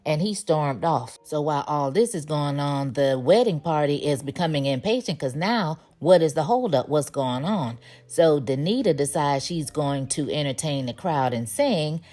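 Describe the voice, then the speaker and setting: A woman's voice: sits low, lively intonation, normal speed, mellow. A woman giving a casual spoken recap of a TV episode, telling the story in a chatty way with sassy asides. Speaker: TV show recap reviewer.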